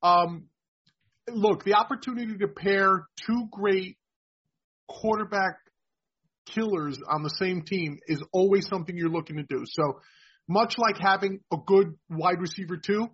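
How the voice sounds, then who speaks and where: A man with a high, husky voice hosts a casual sports podcast and explains things at length, tagging his points with "right?". The sound is dull and lo-fi. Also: measured pace, fairly bright tone. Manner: explanatory, keeps adding "right?". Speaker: podcast host.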